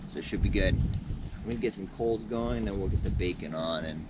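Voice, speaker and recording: Casual male camping vlogger, laid-back and chatty, a bit low, recorded outside with heavy wind noise. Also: moderate pace. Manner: easygoing, chatty. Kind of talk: casual outdoor vlog narration. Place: outdoor campsite by a river. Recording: loud wind and outdoor noise.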